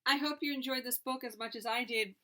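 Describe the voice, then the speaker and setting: A woman reading a picture book aloud to children, animated, pausing to explain words and ask questions. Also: fairly high pitch. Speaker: storybook reader for children.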